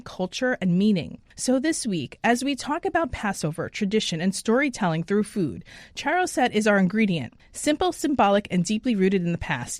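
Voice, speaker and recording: A woman's voice: mid-range voice, dry recording, clean studio sound. A woman hosting a radio food show, interviewing a guest and then reading a scripted segment with polished, upbeat delivery. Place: radio studio.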